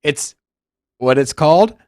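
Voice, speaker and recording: A man co-hosting a casual crypto chat, blunt, joking and quick to argue. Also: fairly high pitch, lively intonation, darkish tone. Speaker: podcast co-host.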